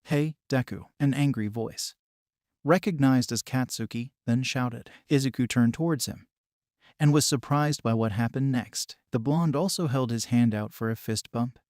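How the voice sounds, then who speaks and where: A man doing scripted story narration, reading in an even, measured way. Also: mid-range voice, no echo, studio quality.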